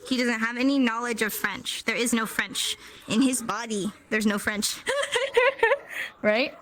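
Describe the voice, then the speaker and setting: A woman teaching a sign language class in a relaxed, teasing way, slowing down to model each phrase. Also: fairly high pitch, poor audio. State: hot and sweaty. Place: warm room, virtual reality class.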